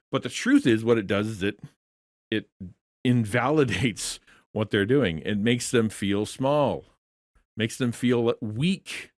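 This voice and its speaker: A man's voice: medium pitch, expressive, normal speed, no echo, clean studio sound. Earnest man coaching creators. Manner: earnest, repeats words, rhetorical questions. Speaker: trainer coaching content creators. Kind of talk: conversational teaching session.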